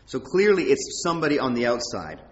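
Man preaching in an echoey hall. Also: fairly quick. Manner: conversational, animated, rises in pitch for quoted prayers. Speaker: pastor. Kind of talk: sermon. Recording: echoey hall, dull sound.

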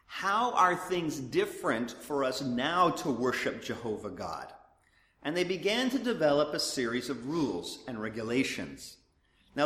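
A man giving conversational Bible teaching in sermon style, often restarting his sentences. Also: on the high side. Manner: animated, conversational, with frequent restarts. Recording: echoey hall.

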